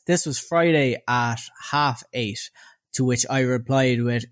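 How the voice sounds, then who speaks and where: A young man with a Dublin accent tells a story in a casual chat, at a mid-range pitch. He is sardonic and sweary, and he acts out every quoted line with animation. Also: slow pace. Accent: Dublin Irish. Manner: animated, profane, sardonic anecdote-telling with voiced quotes. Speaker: podcast co-host.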